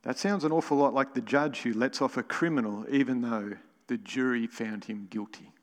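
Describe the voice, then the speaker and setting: A man's voice: medium pitch, in a large hall. A man preaching a sermon as pastor, emphatic and building to exclamations. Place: church.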